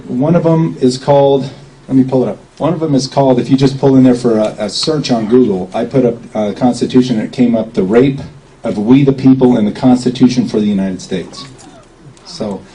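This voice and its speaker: A man's voice: mid-range voice, warm tone. Man talking to a crowd from afar. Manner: chatty, asks okay often. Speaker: speaker at a gathering. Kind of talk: informal outdoor talk to a group. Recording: distant mic with faint background noise.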